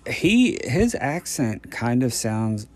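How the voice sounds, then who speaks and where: Slow, low-voiced man musing aloud. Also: gravelly, a little mellow. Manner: meandering, thinking aloud. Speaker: podcast host. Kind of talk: casual movie commentary.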